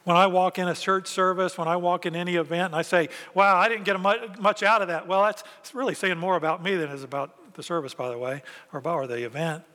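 High bright-voiced guy preaching in a church, chatty, acts out what people think, big hall echo. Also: fairly even intonation, fast talker, hardly any pauses. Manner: conversational, acts out quoted thoughts. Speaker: pastor. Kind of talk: sermon. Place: church sanctuary.

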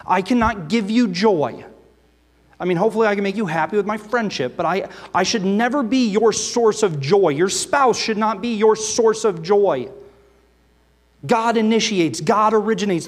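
A man preaching a sermon, earnest and full of rhetorical questions, reading scripture aloud between his own remarks. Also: sits high. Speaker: pastor. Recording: long reverb of a large hall.

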